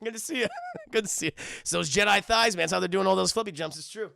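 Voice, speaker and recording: A man streaming a crude, excitable film review, talking to his chat and laughing often. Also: sits high, fast talker, gravelly. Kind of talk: casual livestream commentary.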